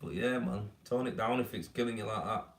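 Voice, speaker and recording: Laid-back Yorkshire man, low voice, echoey. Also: brisk. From Yorkshire, England. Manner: laid-back, matey, rambling. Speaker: renderer hosting a live stream. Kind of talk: casual live-stream chat answering viewers. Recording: echoey room, mic at a distance.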